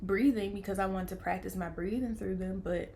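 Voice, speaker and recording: A young woman, telling a personal story in a casual vlog, lively, playing out the voices of people she quotes. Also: medium pitch, a little fast, a little hiss or hum. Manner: animated, acts out quoted voices, laughs often. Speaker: vlogger telling her birth story.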